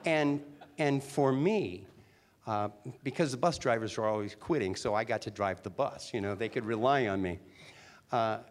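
An older man in his sixties tells stories from his show-business past in a chatty, animated way. He restarts sentences often and keeps a mid-range voice. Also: mid-range voice, moderate pace. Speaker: guest, former teen singer and actor. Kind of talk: storytelling interview talk.

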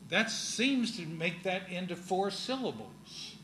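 A man lectures slowly and haltingly, stopping often to restart his sentences. His voice is slightly high and bright. The room around him is echoey, with a faint hum of ambience. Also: big pitch swings. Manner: halting, deliberate, many ums and restarts. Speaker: lecturer on Shakespeare's verse. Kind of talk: classroom lecture.

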